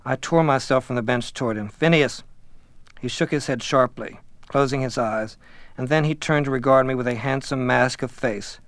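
A man reading a novel aloud and then summarizing it in a measured way, with some hesitant fillers. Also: mid-range voice, no echo.

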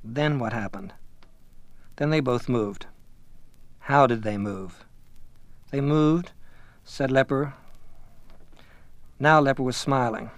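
A man reading a novel aloud and then summarizing it in a measured way, with some hesitant fillers. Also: medium pitch, a bit bright, no echo.

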